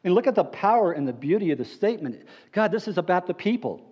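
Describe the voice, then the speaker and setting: Animated male pastor preaching a sermon. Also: fast, lo-fi sound. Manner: animated, playful storytelling that drops to low earnest appeals.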